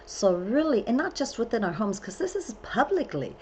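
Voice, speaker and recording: A woman astrologer hosting a full moon program in a casual, chatty way. She loosely strings her phrases together with many fillers and often breaks into excited whoops. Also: a little high, normal speed, a little hiss or hum. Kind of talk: casual spoken forecast.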